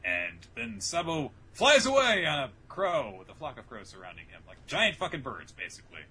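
A man's voice: mid-range voice, moderate pace, husky. A man co-hosting a casual podcast, recapping an anime episode and acting out the characters' lines as he goes. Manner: animated recap, jumps into loud character voices for quotes. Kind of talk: casual chat.

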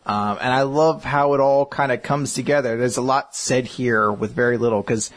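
A man co-hosting a casual podcast, giving thoughtful comic commentary, often pausing and restarting his words. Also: medium pitch, fairly even intonation. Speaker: podcast co-host. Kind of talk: casual manga discussion.

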